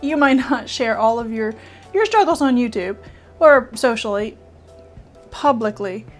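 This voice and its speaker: A middle-aged woman sits in her home studio and speaks openly to her viewers, her voice set a little high. She talks in an earnest, halting way, stumbling and restarting, close to tears at times. Faint music plays under her voice. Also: animated. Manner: earnest, halting, with many restarts and soft laughs. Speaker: art YouTuber and children's author. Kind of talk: heartfelt personal vlog talk. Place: home studio with painting behind.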